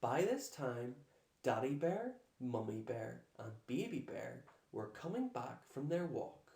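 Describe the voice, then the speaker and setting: A man slowly reading a children's storybook aloud, with expressive delivery. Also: mid-range voice, gravelly. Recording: echoey room.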